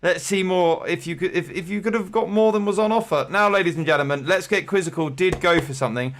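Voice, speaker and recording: A man's voice: high-pitched, fast talker, a bit bright. A man hosting an online quiz with jokey, rambling game-show patter. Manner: jokey, rambling, playful showman.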